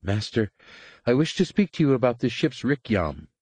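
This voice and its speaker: A man voicing a wary alien woman adept, deferential and tense, speaking softly to her master. The husky tone sits somewhat higher than the reader's own, dry and close, read like a storybook. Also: sing-song, normal speed, no room sound.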